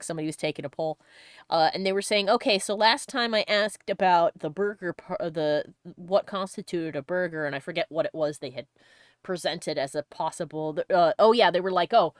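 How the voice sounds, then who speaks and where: A woman hosting a let's play, reading game text aloud and chatting casually, giggly and quick to put on silly voices. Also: fairly low pitch, no echo, studio quality.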